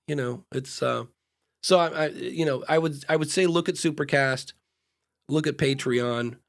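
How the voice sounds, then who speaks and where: A man of middling pitch chats casually as co-host of a live podcast advice show. He talks frankly and loosely, with plenty of ums and restarts. He often slips into quick acted-out exchanges between himself and the people he coaches. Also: vocal fry. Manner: acts out little back-and-forth dialogues in changing voices; frank, loose talk with frequent fillers and restarts.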